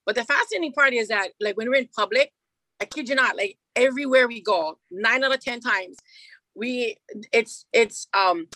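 Woman, middle-aged, bright, slightly high, dry close sound, animated storyteller. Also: moderate pace, no echo. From Hawaii. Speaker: radio morning show host, guest. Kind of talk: casual storytelling chat.

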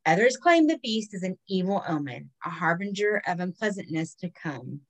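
A woman's voice: lowish voice, sing-song, normal speed, poor audio. A woman who reads folk legends aloud on a podcast. She swears freely and breaks off to riff on each story. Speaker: podcast co-host telling folklore stories. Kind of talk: casual storytelling chat.

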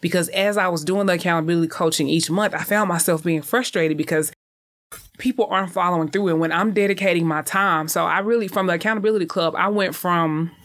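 A woman in her thirties, an author speaking frankly and lively in an interview. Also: fairly low pitch, brisk, dry recording. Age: 30s. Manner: frank, lively, often acting out others' voices. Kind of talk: candid conversational storytelling.

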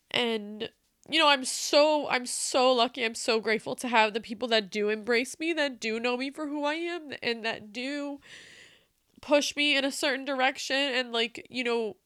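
A woman's voice: high voice, pushed and bright, smooth, dry recording, clean studio sound. A young woman hosting a podcast, talking candidly and emotionally about her own life, with frequent fillers and swearing. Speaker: podcast host. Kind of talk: personal reflective monologue.

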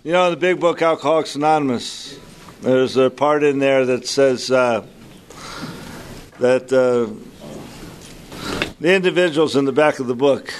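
Man introducing a speaker, warm, unhurried, pauses and fillers, faint background noise. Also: medium pitch. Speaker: introducer at a recovery retreat.

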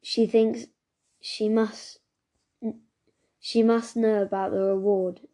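Female audiobook reader, mellow and warm, steady and even. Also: mid-range voice, takes it slowly. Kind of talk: reading a novel aloud.

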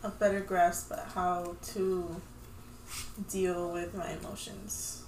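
A woman in her twenties in a casual podcast chat, speaking calmly and thoughtfully. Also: on the low side. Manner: calm, thoughtful, unhurried. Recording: echoey room, faint hiss.

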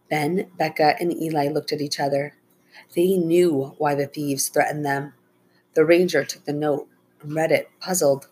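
A woman reading a children's chapter book aloud in a steady storytelling manner. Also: sits low, measured pace, breathy edge. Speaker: narrator.

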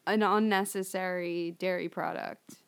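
A woman's voice: on the low side, fairly even intonation, a little slow, clear, resonant tone. A woman co-hosting a podcast, telling stories in casual chat, chatty with frequent laughs and fillers. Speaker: podcast co-host.

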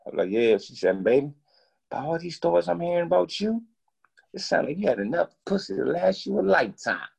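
Man, gravelly husky voice, animated profane storytelling, acts out every voice. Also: fairly high pitch, fairly quick. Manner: animated, profane, acts out both sides of conversations. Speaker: guest. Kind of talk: casual storytelling.

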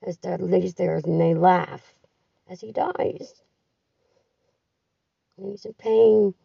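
Gravelly, husky woman venting into a phone. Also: fairly low pitch, sing-song, slow pace, no room sound. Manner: profane, bitter and grieving. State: tired. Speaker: caller leaving a voice message. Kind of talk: raw venting voice message. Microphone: phone voice recording. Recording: dull lo-fi phone audio, distant from the mic.

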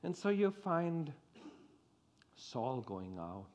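Male preacher, high voice, unhurried sermon delivery with halting restarts. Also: big pitch swings, a little mellow. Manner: slow, with repeated restarts.

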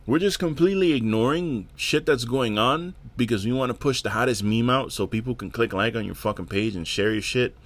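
A man's voice: medium pitch, a little fast, hardly any pauses. Profane, exasperated man ranting solo. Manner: profane, exasperated, repeats words. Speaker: podcast host. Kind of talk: casual solo rant.

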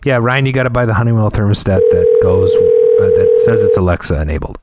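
Low-voiced man co-hosting a podcast. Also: a little fast, heavy background noise. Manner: laughs often, runs the soundboard jokes. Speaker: podcast co-host. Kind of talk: casual chat.

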